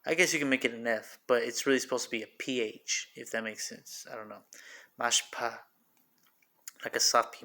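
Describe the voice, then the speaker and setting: A man's voice: mid-range voice, steady tone, normal speed, bright, forceful tone. A man giving a casual spoken religious teaching in a loose, rambling way, with frequent fillers, repeating words over and over to sound them out. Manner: filler-heavy, says like and you know often.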